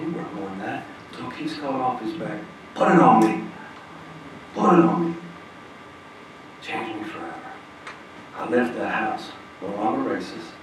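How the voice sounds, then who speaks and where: A man giving an earnest, plain-spoken personal talk to an audience from a stage, acting out the voices of people in his story. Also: mid-range voice. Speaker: nonprofit president giving a talk. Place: large hall stage before an audience. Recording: echoey hall, distant mic, faint hiss.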